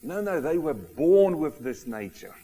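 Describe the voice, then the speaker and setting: Man, preacher, sermon, emphatic, rhetorical questions, somewhat high voice, long hall echo. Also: measured pace, breathy edge. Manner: animated and emphatic, asks the congregation rhetorical questions.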